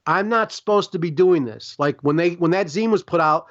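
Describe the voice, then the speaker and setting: A man's voice: high voice, normal speed, highs cut off. A man from Chicago, a guest on a podcast interview, talking in a rambling, emphatic and profane way. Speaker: guest artist.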